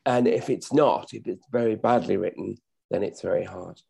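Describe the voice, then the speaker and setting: Middle-aged male actor, interview guest, gravelly and husky, modest and chatty. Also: lowish voice, moderate pace, darkish tone. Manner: modest, chatty, self-correcting. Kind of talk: casual interview talk.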